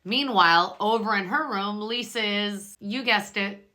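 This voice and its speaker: A woman's voice: medium pitch, unhurried, sharp tone. A woman vlogger giving a chatty, gossipy recap of a reality TV reunion. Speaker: pop culture vlogger.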